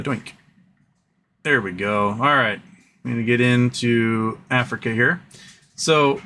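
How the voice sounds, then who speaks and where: A man hosts a casual live stream from a room at home, rambling through stories with plenty of fillers and side tangents. His voice is bright and forward, and a faint hiss of noise sits behind it. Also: medium pitch. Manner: rambling, animated storyteller with frequent fillers and asides.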